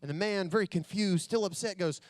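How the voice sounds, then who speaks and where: Male keynote speaker, high-pitched and excitable, dry close mic, storytelling that ramps up to big energy. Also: fairly quick, dry recording. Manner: builds to loud excited storytelling. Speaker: motivational speaker. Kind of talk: motivational keynote speech. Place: convention stage.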